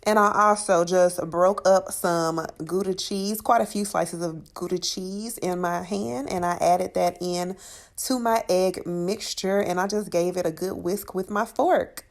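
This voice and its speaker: A woman's voice: fairly low pitch, fairly even intonation, a little slow. Sassy woman narrating her cooking. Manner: sassy and chatty, calls viewers honey and child. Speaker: cooking channel host. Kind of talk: casual cooking voice-over.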